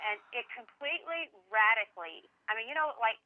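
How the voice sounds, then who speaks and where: A woman's voice: on the high side, lively intonation, brisk, no room sound. A woman calling in to a radio show and speaking candidly and emotionally, with a lot of "like" as filler. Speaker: caller. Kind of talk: phone-in radio chat. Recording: muffled phone line.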